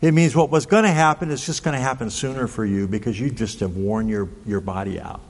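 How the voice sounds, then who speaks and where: An older man voicing a blunt, matter-of-fact doctor in a sermon, his pitch a little raised. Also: brisk. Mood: lecturing. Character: blunt middle-aged male doctor giving bad news. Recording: long reverb of a large hall.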